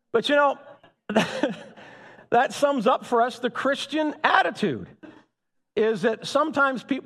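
A man preaching a sermon, calling out to the congregation to ask for their agreement. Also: high-pitched. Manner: animated, calls out to the congregation. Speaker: pastor. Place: church. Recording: echoey hall.

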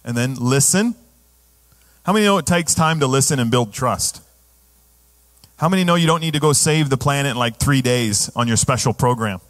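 A man's voice: medium pitch, normal speed, fairly bright tone. A male pastor preaching a sermon in a conversational way, often asking the congregation questions.

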